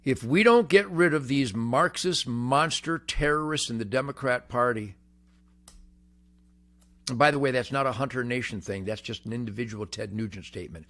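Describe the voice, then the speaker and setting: An older man hosting a rambling, boastful monologue, brash and cocky, swinging from booming shouts to low mutters. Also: normal speed. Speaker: host.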